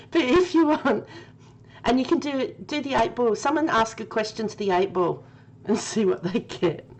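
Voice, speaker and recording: A woman's voice: a little high, animated, unhurried, long pauses, darkish tone, rough recording. A woman streaming a game live, chatting with her viewers by name and laughing often. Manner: giggly, laughing often and talking to chat by name.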